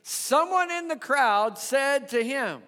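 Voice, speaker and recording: Pastor, male, high animated voice, unhurried delivery, long church-hall reverb. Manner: animated, conversational preaching that asks the congregation questions. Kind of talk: sermon. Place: church sanctuary.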